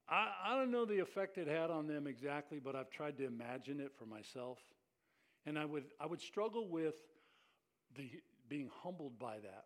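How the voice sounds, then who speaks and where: Lively, animated male pastor preaching. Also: fairly high pitch, normal speed. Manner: animated preaching, acts out quoted lines, many restarts. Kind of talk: sermon.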